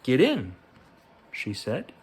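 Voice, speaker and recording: A man reading a children's picture book aloud as a bedtime story, gentle and unhurried, giving the quoted lines their own ups and downs. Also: medium pitch, wildly swooping pitch, husky.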